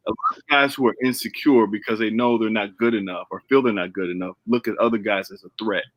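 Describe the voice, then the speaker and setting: A man's voice: lowish voice, steady tone, quick pace, dry recording, low-quality recording. A man on a discussion panel who speaks emphatically and preachily, calling the others bro.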